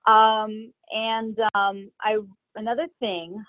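A woman's voice: medium pitch, flat delivery, dry recording. Middle-aged woman on a tinny line. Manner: hesitant, many pauses and fillers. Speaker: guest sharing personal story. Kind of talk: candid personal storytelling. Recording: tinny phone-like line, dry.

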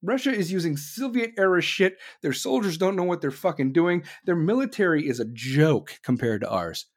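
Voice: medium pitch, lively intonation, moderate pace. A commentator delivering an angry, blunt political rant full of swearing.

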